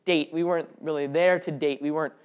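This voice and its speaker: A man's voice: on the high side, fairly even intonation, quick pace, smooth, lo-fi sound. A man telling an audience his personal faith testimony in an earnest, heartfelt way. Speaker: speaker sharing a testimony.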